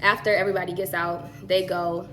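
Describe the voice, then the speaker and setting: A woman telling a story in a casual chat, animated and slangy. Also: fairly low pitch, a little fast, soft background music.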